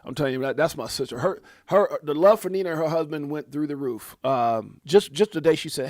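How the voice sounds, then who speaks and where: Rambling heartfelt man, slightly high voice. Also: brisk, few pauses, darkish tone, dry recording, clean studio sound. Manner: rambling, heartfelt, repeats words, preacher-like phrases. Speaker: crypto livestream host. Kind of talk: casual livestream chat.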